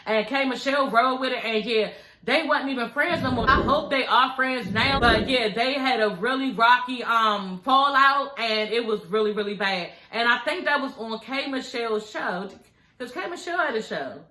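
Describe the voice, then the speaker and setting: High, bright-voiced gossiping woman vlogger. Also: moderate pace, echoey room, poor audio. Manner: gossipy, animated, swears freely, addresses viewers as y'all. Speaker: reality TV recap vlogger. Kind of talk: casual reality show recap.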